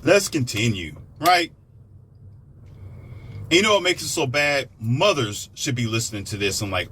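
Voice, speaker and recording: Male ranter, sarcastic and animated, middle pitch, slight background noise. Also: moderate pace, long pauses. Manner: animated, sarcastic, swings into mocking high-pitched impressions. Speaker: commentator. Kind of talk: ranting monologue.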